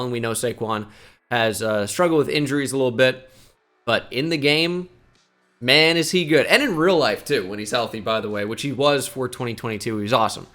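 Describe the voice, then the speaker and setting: A man's voice: medium pitch, a bit bright. A man giving casual, chatty commentary while playing a football management game, thinking aloud and joking at his own expense. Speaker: gaming YouTuber.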